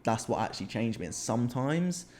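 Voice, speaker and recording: Young uk man, podcast co-host, animated storyteller, repeats himself, casual chat. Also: medium pitch, a little fast. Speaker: podcast co-host, men's coach.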